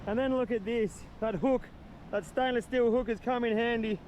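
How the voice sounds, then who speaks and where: High-voiced, upbeat Australian man outdoors. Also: fairly even intonation, moderate pace, darkish tone, slight background noise. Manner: enthusiastic, upbeat, explains each step. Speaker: outdoor survival vlogger. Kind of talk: outdoor vlog narration. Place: outdoors on a coastal cliff.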